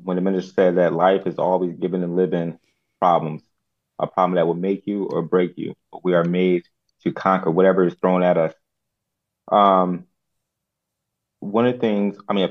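A man calling in to reflect earnestly, speaking in a measured way with a few fillers. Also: sits low, muffled recording. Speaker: caller. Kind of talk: call-in reflection.

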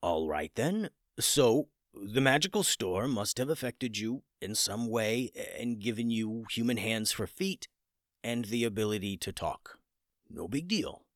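A man voicing a kindly, bumbling old male wizard who stammers when flustered, in a low voice close to his own. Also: expressive, normal speed, a bit bright, no room sound. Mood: reassuring.

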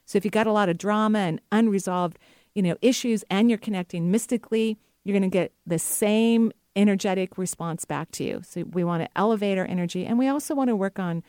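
A woman's voice: medium pitch, fairly quick, darkish tone, no echo. Middle-aged lady psychic hosting radio, chatty, laughs a lot, dry studio sound. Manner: chatty, enthusiastic, laughs easily. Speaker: radio host and psychic medium. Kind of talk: casual radio talk.

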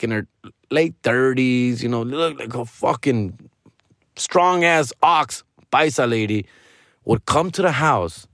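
A man's voice: medium pitch, no room sound, studio quality. A man, telling stories casually, profane and slangy, dropping Spanish words. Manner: profane, slangy, code-switching into Spanish, animated quoting. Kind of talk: casual storytelling.

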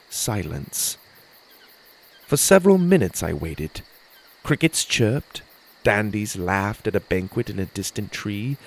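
A man reading a first-person fairy-tale story in an earnest, expressive way. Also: on the low side, creaky, poor audio. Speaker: storyteller and podcast host.

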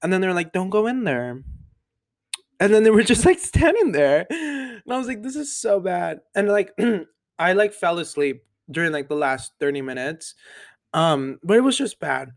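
Chatty nineteen-year-old podcast host. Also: male voice, high voice, moderate pace. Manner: rambling, filler-heavy, animated and upbeat. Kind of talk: casual solo podcast monologue.

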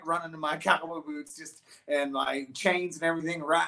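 Rambling, animated male storyteller. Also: on the high side, quick pace. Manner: rambling, animated storyteller with many restarts and fillers. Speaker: guest musician. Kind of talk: casual interview storytelling.

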